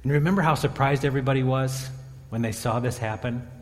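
A man preaching a sermon and retelling a Bible story with animated voices for its characters. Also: mid-range voice, fast, in a large hall. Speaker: pastor.

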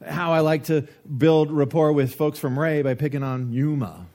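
A man preaching a sermon, joking and animated, with lots of rhetorical questions, in a church. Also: fairly high pitch, normal speed. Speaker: pastor.

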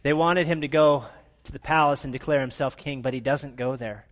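A man preaching a playful, animated sermon in a church, drawing the congregation into a hands-on retelling. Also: medium pitch, a little fast. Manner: animated, playful, with audience participation. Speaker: pastor.

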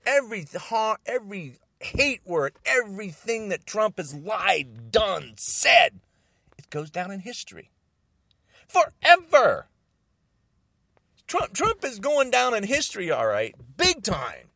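Angry guy ranting on camera, high-ish voice that swings all over, keeps repeating himself, dry close sound. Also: sing-song, unhurried, gravelly, no room sound. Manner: agitated, repetitive, bursts of loud emphasis. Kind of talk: angry political rant to camera.

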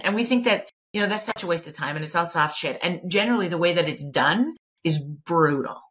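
A woman's voice: lowish voice, expressive, brisk, a bit bright. A middle-aged woman, a clinical psychologist talking candidly as an interview guest, emphatic and blunt, swearing casually.

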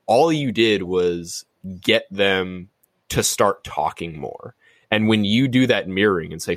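Man, very low voice, dry close sound, casual explanatory talk. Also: expressive, a little slow, fairly bright tone, dry recording. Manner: explanatory, giving examples. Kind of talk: casual conversation.

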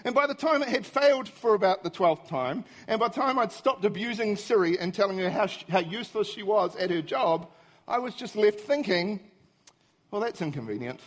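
A middle-aged man giving a humorous, self-mocking storytelling talk to an audience, animated and easily exasperated. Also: high voice, a little fast. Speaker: speaker.

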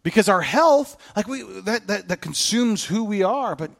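A man in his thirties delivering a sermon as a pastor. His voice sits high and swings widely in pitch. He keeps it animated, joking and poking fun at himself. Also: normal speed, vocal fry. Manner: animated, joking and self-mocking.

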